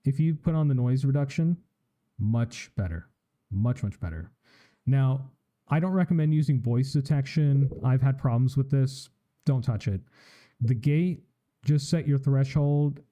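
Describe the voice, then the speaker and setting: A man's voice: medium pitch, warm tone. A man streaming a casual tutorial from his home setup, explaining microphone settings into a studio mic. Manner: explanatory, casual, tests mic with test phrases. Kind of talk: live-stream tech tutorial. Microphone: studio microphone with live effects.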